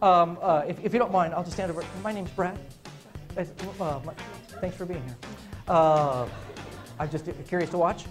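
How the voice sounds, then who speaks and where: A man delivers a funny motivational keynote to a big audience, playful and animated. His voice sits high. The sound is a long-echoing hall with music running clearly underneath. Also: normal speed. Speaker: motivational speaker. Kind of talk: comedic keynote speech. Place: large event hall on stage.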